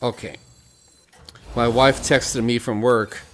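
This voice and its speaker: Slow, preachy gaming host man. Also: mid-range voice, fairly even intonation. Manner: unhurried, repeats phrases like a preacher. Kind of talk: gameplay commentary mixed with preaching.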